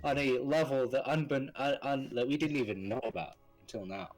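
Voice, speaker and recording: A man's voice: medium pitch, a little fast, a little mellow, soft background music, rough recording. Joking man in gaming voice chat. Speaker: gamer on stream. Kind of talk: casual gaming banter.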